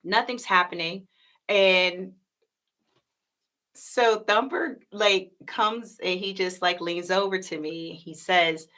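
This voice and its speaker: A woman in her thirties co-hosting a podcast, telling a story in casual chat, animated and laughing often. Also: on the low side, slow. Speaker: podcast co-host.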